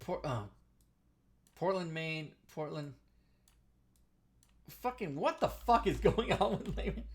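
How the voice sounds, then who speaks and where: A man's voice: a little high, slow, long pauses. A middle-aged American man hosting a casual livestream talk show, swearing and laughing often as he chats. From United States. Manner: profane, laughing, excitable.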